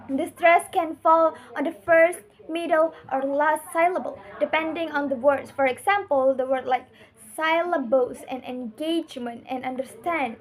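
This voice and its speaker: High-voiced young Indonesian woman student. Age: young adult. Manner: careful, slightly halting reading with pauses. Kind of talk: reading a prepared class answer.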